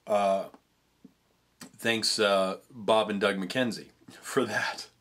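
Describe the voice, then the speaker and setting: A man's voice: lowish voice, steady tone, extremely slow, a bit bright. A young man chatting casually in a food review vlog, rambling with frequent restarts and stumbles. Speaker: vlogger tasting treats.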